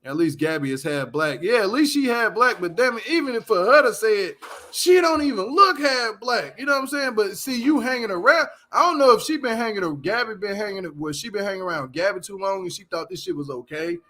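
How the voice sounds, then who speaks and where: A man's voice: high-pitched, expressive, fast, hardly any pauses, a bit bright. A man hosting a casual commentary show, ranting bluntly and with a lot of swearing while speaking straight to his viewers. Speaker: commentary channel host.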